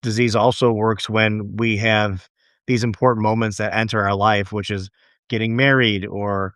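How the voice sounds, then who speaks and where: A man's voice: lowish voice, level tone, normal speed, a bit bright, dry recording, clean studio sound. A man hosting a podcast interview, speaking earnestly and reflectively, repeating words as he thinks. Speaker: podcast host. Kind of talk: conversational interview.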